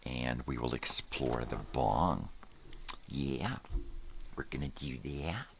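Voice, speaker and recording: A man's voice: a bass voice, slow pace, gravelly, fairly bright tone, a little hiss or hum. An older man hosting a casual morning livestream, rambling in a laid-back way and drifting off into mumbles. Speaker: host.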